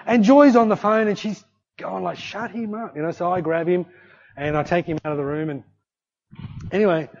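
A man delivers a sermon built around a lively story, performing the voices of its characters in a fairly high pitch. The recording is dull and lo-fi.

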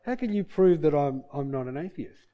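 A man's voice: on the high side, lively intonation, moderate pace, lo-fi sound, natural voice. A man voicing a skeptical young male atheist student who challenges him in a retold story. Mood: challenging.

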